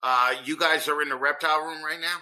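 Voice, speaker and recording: New york guy on a podcast, bright sharp voice, crude jokes, swears a lot. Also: on the high side, fairly even intonation, a little fast, rough recording. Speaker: podcast guest. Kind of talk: casual chat.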